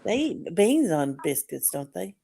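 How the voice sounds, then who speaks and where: A woman co-streaming in casual chat, goofy and quick to joke and laugh. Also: on the low side, big pitch swings, gravelly, dark tone, slightly rough.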